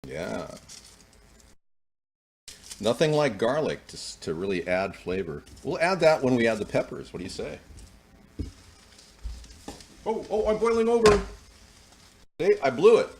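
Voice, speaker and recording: A man's voice: lowish voice, very animated, moderate pace, long pauses, darkish tone. Chatty man in his fifties, noisy recording. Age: 50s. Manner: chatty and rambling, with folksy asides. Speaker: cooking show host. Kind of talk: casual cooking demonstration. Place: home kitchen. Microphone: close-up wired mic.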